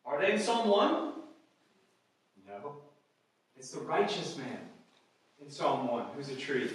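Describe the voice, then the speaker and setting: A male pastor preaching a sermon with emphasis, often swelling louder on key phrases. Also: medium pitch, lively intonation, slow, long pauses. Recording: echoey hall, voice from far off.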